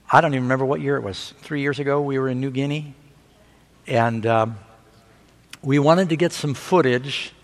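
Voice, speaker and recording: A man preaching a sermon, telling stories with rising excitement and asking the audience for amens. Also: mid-range voice. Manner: animated storytelling preacher. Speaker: pastor. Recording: long hall reverb.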